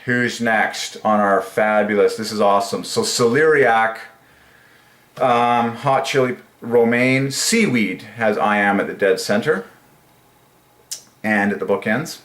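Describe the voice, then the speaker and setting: Slow, low-voiced man in an echoey room. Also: fairly bright tone. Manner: enthusiastic, musing aloud, repeats words in a sing-song high voice. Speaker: channel host. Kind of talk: casual solo commentary on word numerology.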